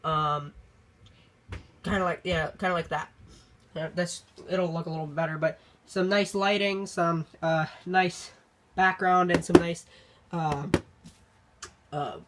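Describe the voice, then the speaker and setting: Young vlogger, sick, congested, rambling, halting, lots of ums, casual channel update, middle pitch, phone recording. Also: steady tone, a bit bright, a little hiss or hum. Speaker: YouTube channel host.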